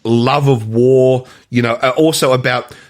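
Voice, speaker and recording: A man's voice: medium pitch, steady tone, a little slow. A man co-hosting a film podcast in casual chat, explaining at length with many restarts. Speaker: podcast co-host.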